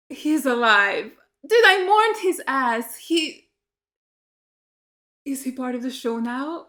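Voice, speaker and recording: A woman hosting a TV reaction video, excitable and blunt, swearing freely. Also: sits high. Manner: gasps and laughs in surprise. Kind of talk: casual TV reaction commentary.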